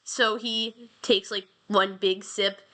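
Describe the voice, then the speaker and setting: Bright-voiced woman rambling through a myth. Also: mid-range voice, fairly even intonation, slow. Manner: rambling, slangy, many restarts. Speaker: podcast host. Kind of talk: casual retelling of a myth.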